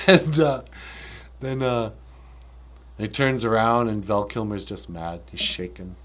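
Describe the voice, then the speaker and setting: A man's voice: lowish voice, animated, slow. A man hosting a live stream, casually retelling a story with jokes and lots of fillers. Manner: rambling, joking, many fillers.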